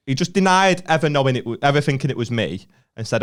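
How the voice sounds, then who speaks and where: A man's voice: mid-range voice, animated, fairly quick, clear, resonant tone. A young man with a Northern English accent telling a comic story on a podcast, sweary and often breaking into laughter. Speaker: podcast co-host, comedian. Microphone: podcast mic.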